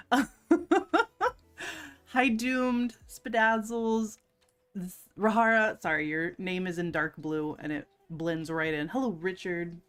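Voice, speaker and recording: A woman hosting a casual livestream, chatty and giggly, greeting her chat by name. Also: lowish voice. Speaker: livestream host. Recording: faint music underneath.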